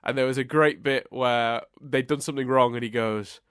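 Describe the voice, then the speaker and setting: Smooth and fairly bright, this man's medium-pitched voice holds a steady tone at a moderate pace. He's co-hosting a podcast, rambling through casual talk with many restarts and lots of laughter. The recording is dry and cleanly studio-made.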